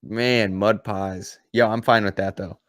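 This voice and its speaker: A man guesting on a casual podcast, excitable and chatty, peppering his talk with dude and man. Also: lowish voice, measured pace, dry recording, studio quality. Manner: excitable storyteller, says man and dude a lot. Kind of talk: casual chat.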